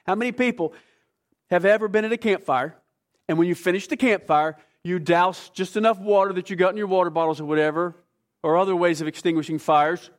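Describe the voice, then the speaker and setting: A man's voice: high voice, fast talker. Emphatic man preaching a sermon. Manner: emphatic, varies between hushed and forceful delivery. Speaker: pastor.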